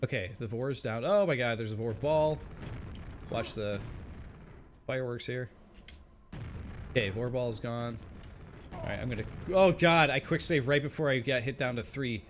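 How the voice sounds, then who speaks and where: A man's voice: mid-range voice, normal speed, long pauses, background noise. A man streaming a game and chatting with viewers, often exclaiming and laughing as he plays. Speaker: gaming streamer. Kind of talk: let's play commentary.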